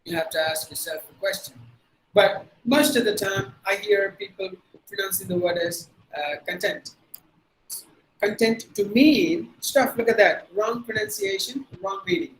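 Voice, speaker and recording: A man with a Tamil accent teaches pronunciation in an online webinar lecture, spelling words out letter by letter and repeating them. His voice sits high and is very animated and fairly bright, at a moderate pace. The video-call recording is rough.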